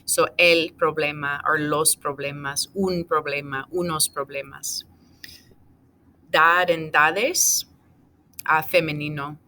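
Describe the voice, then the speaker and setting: A woman teaching a recorded class, going over answers item by item in a steady, methodical way. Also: low-pitched, normal speed, hardly any pauses, slight background noise. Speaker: Spanish teacher.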